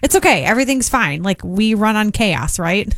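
A woman's voice: mid-range voice, animated, normal speed, no echo, studio quality. A woman, a morning radio host chatting casually and reading an ad, bubbly and self-deprecating. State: tired. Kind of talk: casual radio chat and live-read ad. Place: radio studio. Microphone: studio microphone.

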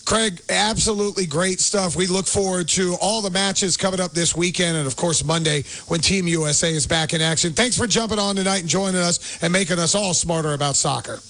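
High-voiced upbeat sports radio host man. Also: steady tone, fairly quick, few pauses, a bit bright. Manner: upbeat, chatty.

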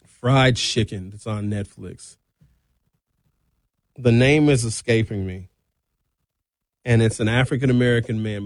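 A middle-aged man from Wisconsin hosting a talk radio show, giving a blunt, sarcastic opinion monologue with sudden high outbursts. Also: no echo, clean studio sound.

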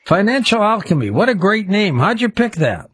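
A man's voice: sits high, very animated, moderate pace, a bit bright, husky. A man hosting a late-night radio talk show, interviewing a guest in a friendly, complimentary way.

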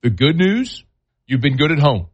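A man's voice: fairly high pitch, big pitch swings, moderate pace, husky. A blunt man hosting a sports talk radio show. He scolds and jokes in a plain, folksy way. The sound is a little dull. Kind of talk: opinionated sports talk and live-read ads.

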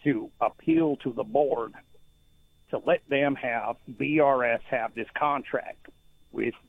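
A man's voice: medium pitch, takes it slowly. A man calling a radio show in a put-on drawling accent, pressing accusations against officials. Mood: accusing. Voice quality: gravelly, husky put-on accent. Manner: accusing, insistent, talks over the host. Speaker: caller. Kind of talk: call-in radio complaint. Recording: tinny phone line.

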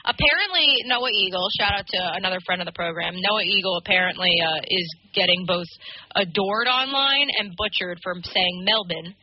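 A woman's voice: medium pitch, moderate pace, husky, no room sound. A woman co-hosting sports radio, chatting casually and rambling with restarts. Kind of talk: casual sports talk banter. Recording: muffled radio broadcast audio.

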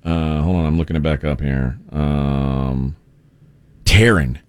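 Low-voiced man rambling on radio. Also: slow pace, clear, resonant tone, no room sound. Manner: rambling, restarts and loose storytelling. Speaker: radio show co-host. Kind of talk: casual radio banter.

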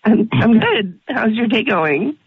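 A woman's voice: a little high, very animated, slow pace, slightly rough, no echo. A woman answering a phone call on the radio, cautious and unsure. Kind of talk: casual phone chat.

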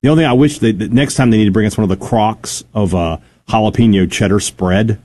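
A man's voice: on the low side, fast, mellow. Easygoing male radio host. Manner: easygoing, agreeable, short replies. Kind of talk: casual chat.

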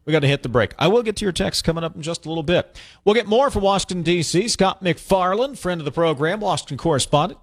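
A man's voice: on the high side, lively intonation, quick pace, no echo, studio quality. A man hosting a talk radio show in a casual, conversational way that often breaks off and restarts mid-sentence. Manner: conversational, self-interrupting.

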